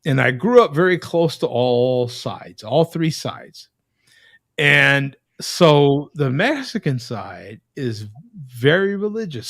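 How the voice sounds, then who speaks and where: A man's voice: medium pitch, big pitch swings, takes it slowly, creaky, fairly bright tone, no echo, studio quality. A man hosting a casual video-call chat, telling rambling stories with frequent tag questions. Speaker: host.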